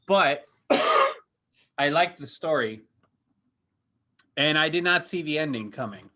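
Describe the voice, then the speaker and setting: A man hosting a casual film review chat, swearing a lot and ranting with mocking, animated energy. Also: fairly high pitch, slight background noise. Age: adult with a young daughter. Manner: profane, animated, mocking, quick reversals. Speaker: podcast host.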